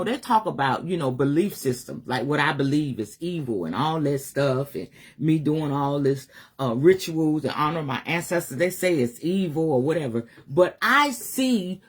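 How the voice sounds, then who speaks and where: Woman, middle-aged, husky voice, candid and emotional, casual swearing, live-stream talk. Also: sits low. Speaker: spiritual advisor.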